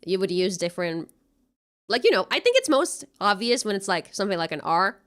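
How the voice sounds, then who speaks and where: A young VTuber streamer chats casually while gaming in American English with a Finnish tinge, rambling, giggling and thinking aloud through many fillers. Her mid-range voice swings widely in pitch, runs a little fast and sounds a bit bright.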